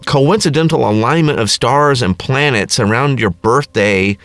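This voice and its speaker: A man's voice: mid-range voice, a little slow, a bit bright. A middle-aged man hosting his own podcast, ranting casually in a crass, sarcastic, rambling way. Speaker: podcast host. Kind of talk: casual comedic rant.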